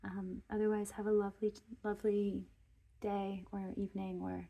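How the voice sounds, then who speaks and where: Woman, tarot reader, mid-pitched, gravelly edges, warm rambling sincerity. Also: flat delivery, normal speed, narrow, tinny audio. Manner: gentle, earnest, rambling with many restarts. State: emotional, near tears. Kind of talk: intimate tarot reading talk to viewers.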